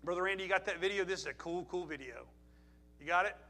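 A man's voice: sits high, quick pace, bright, forceful tone. A man preaching a sermon, emphatic, asking the congregation rhetorical questions. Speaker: pastor.

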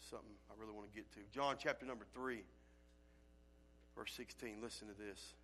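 A male pastor preaching a sermon with folksy phrasing, swinging from loud calls to quiet, low passages. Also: fairly even intonation, brisk, a little hiss or hum.

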